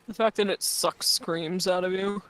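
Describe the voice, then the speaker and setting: A woman's voice: fairly low pitch, fairly even intonation, moderate pace. A woman chatting casually on a stream in a playful, teasing, giggly way. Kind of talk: casual chat.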